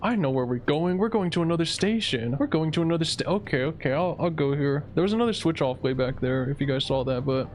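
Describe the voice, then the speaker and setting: A man's voice: on the high side, expressive, quick pace, few pauses, darkish tone, slight background noise. A young man giving rambling, casual commentary over his own gameplay, saying "dude" a lot. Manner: rambling, laid-back, says "dude" a lot. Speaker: gaming video creator. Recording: faint game music behind. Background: game music.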